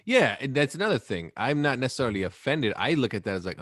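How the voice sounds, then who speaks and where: A man's voice: mid-range voice, very animated, fast, few pauses, a bit bright, dry recording, clean studio sound. A man in his thirties co-hosting a podcast in casual chat, rambling and swearing freely. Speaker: podcast co-host.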